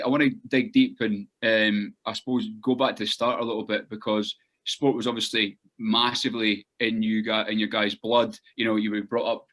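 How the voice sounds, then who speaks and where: A Scottish man hosting a podcast, talking in a halting, casual way with many fillers and restarts. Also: on the low side, a bit bright. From Scotland. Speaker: podcast host. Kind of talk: casual interview chat.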